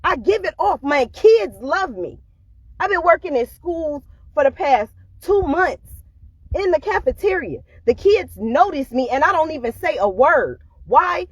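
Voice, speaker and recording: A woman in her forties who works in a school cafeteria rants into her phone camera, blunt and emphatic, swearing heavily and repeating her points. Her voice sits high, and the recording is dry and lo-fi.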